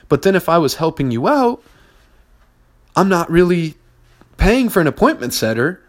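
A man hosting a solo business podcast, talking in a blunt, heavily profane and mocking way. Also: mid-range voice. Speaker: business owner and podcast host.

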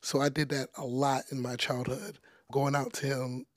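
A young man, a DJ, speaking as a guest in a casual interview, chatty and relaxed with lots of "like" and "you know.". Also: medium pitch, moderate pace, no room sound, studio quality. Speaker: podcast guest, DJ.

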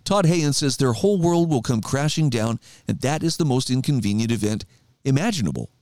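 Lively middle-aged male radio host. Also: mid-range voice, fairly quick, no echo, clean studio sound. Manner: conversational, reflective, reads quotes with emphasis. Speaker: radio talk show host. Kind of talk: talk radio monologue reading articles aloud.

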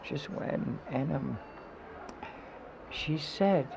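A man telling an emotional personal story in a podcast chat, animated and swearing freely. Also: medium pitch, normal speed, vocal fry. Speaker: guest. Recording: dull, slightly noisy podcast audio.

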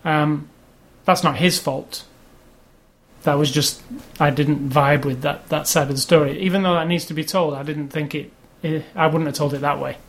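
A man's voice: fairly high pitch, normal speed. Opinionated man rambling about movies. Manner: rambling, opinionated, animated when complaining. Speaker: podcast co-host. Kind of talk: casual movie review chat.

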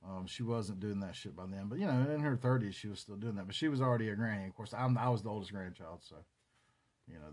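A man in his forties with a North Carolina Southern accent, hosting a solo podcast and reminiscing in a rambling, profane, casual way. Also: fairly low pitch. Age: 40s. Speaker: podcast host.

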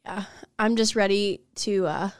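A woman's voice: medium pitch, measured pace, clean tone, no echo, studio quality. A young woman co-hosting a podcast, animatedly retelling her partner's questions in casual chat. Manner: animated storyteller, quoting her partner, laughing often. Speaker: podcast co-host.

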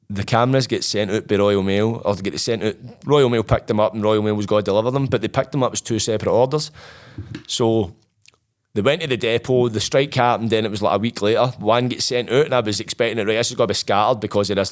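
Fast-talking sweary Scottish man. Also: on the low side. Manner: rapid, sweary, animated retelling. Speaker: guest. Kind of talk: casual storytelling.

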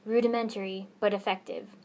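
A relaxed grown male ninja teacher who speaks in an even, measured way, read by a woman. He sounds unhurried and dry, a storybook mentor keeping things in hand. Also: mid-range voice, close to an everyday voice. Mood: calm. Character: calm laid-back adult male ninja teacher.

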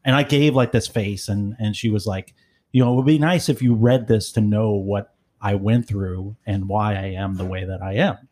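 A man's voice: on the low side, normal speed, a little mellow. A middle-aged man hosting a podcast, talking casually and rambling with lots of fillers and self-deprecating remarks. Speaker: podcast host. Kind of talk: casual chat.

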